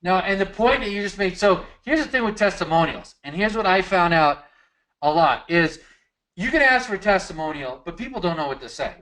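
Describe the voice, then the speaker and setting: Brief: man, slightly high voice, relaxed explainer, chatty. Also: a little fast, rough recording. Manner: relaxed, explanatory, frequent fillers. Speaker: co-host of a marketing training. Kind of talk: casual coaching talk.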